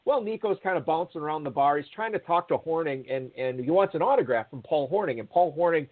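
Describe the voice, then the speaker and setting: A man's voice: fairly high pitch, animated, fast. Man telling a story over a tinny line. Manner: rambling storyteller with many fillers and restarts. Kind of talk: casual anecdote over a call. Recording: tinny phone-line audio.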